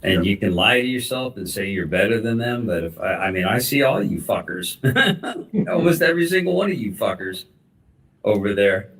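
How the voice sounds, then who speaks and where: A man's voice: on the low side, sing-song, moderate pace, a bit bright. A man earnestly lecturing his viewers to stop giving attention to others, in a preachy, insistent way. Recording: voice from a distance.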